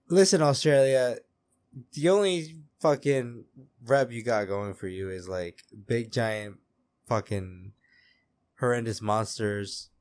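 A man's voice: fairly low pitch, a little mellow. Young man in loose, profane podcast banter. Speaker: podcast co-host. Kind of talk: casual chat.

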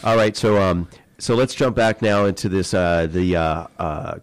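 A man's voice: low-pitched, moderate pace, clear, resonant tone, no echo, studio quality. A man hosting a casual podcast, easygoing and agreeable, often laughing along. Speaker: show host.

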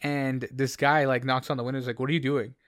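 A man's voice: medium pitch, little pitch movement, fast talker, a bit bright, dry recording, studio quality. A young man from Canada, co-hosting a podcast in casual chat, rambling through stories with many restarts. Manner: rambling storyteller, many restarts, laughs often. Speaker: podcast co-host.

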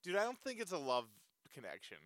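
A man's voice: on the high side, huge pitch swings, fast, a bit bright, no room sound. A man chatting casually about a movie, loose and full of fillers, often laughing. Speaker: movie reviewer. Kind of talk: casual chat.

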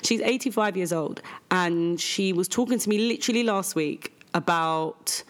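Candid woman telling a family story. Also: normal speed. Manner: candid and animated, pitch jumps when quoting others. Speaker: podcast host. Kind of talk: casual storytelling monologue.

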